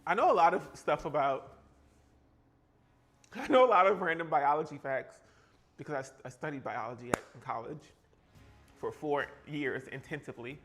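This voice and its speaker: A man's voice: a little high, normal speed, pauses often, fairly bright tone, faint music behind. A man from South Carolina, chatting playfully and sassily with viewers while baking live in his kitchen. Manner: chatty, playful, reacts to chat with sassy exclamations. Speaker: live-stream baking host. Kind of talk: casual live-stream chat while baking. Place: home kitchen.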